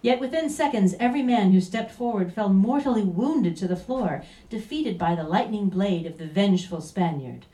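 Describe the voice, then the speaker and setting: A woman's voice: medium pitch, expressive, moderate pace, hardly any pauses, warm tone. A woman telling a comic story aloud in a theatrical, playful narrating manner. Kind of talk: comic live story reading. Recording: roomy, distant mic.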